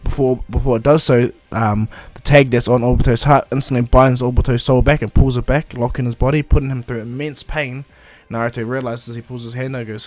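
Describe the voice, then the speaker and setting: A man's voice: mid-range voice, fairly even intonation, a little fast, hardly any pauses, darkish tone, soft background music. A man casually retelling a fan story, rambling with restarts and fillers.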